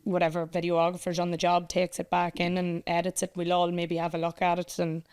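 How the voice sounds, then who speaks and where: An Irish woman talking as a podcast guest about running a competition page, chatty and animated, laughing often. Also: on the low side, a little fast, clear, resonant tone. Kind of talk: casual chat.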